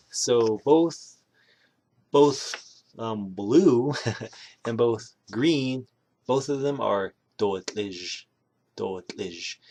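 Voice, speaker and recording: A man giving a casual language lesson, repeating each word slowly. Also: mid-range voice, a little mellow. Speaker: language teacher.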